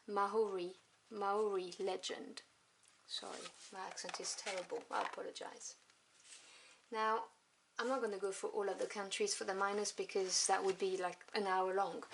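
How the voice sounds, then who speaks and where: A woman casually reviewing a tarot deck at home, chatty and enthusiastic, with soft asides as she flips through the cards. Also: mid-range voice, gravelly. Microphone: camera on tripod. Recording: noisy home recording with clicks.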